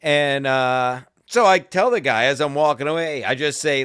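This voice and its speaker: A man's voice: mid-range voice, animated, brisk, few pauses, fairly bright tone, clean tone, no echo, studio quality. A man hosting a podcast, telling a story in a crude, combative and profane rant. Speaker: podcast host. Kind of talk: casual ranting chat.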